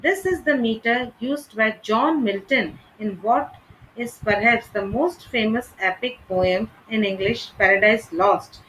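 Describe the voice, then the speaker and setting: A woman reading a scripted literature lesson in a measured, deliberate way. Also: on the high side, a bit bright, a little hiss or hum, low-quality recording. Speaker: literature teacher.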